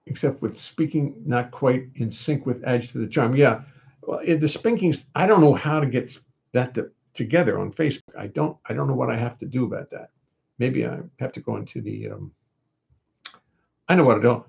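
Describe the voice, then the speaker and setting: A man's voice: mid-range voice, lively intonation, moderate pace, vocal fry, muffled recording. An older man hosting a live stream from home, chatting in a wry, joking, meandering way. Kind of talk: casual rambling chat.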